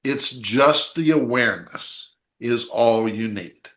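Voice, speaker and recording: A man hosting a spiritual podcast, explaining ideas in a calm teaching way and checking in with "okay?" and "right?". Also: mid-range voice, takes it slowly, reverberant. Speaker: podcast host and author.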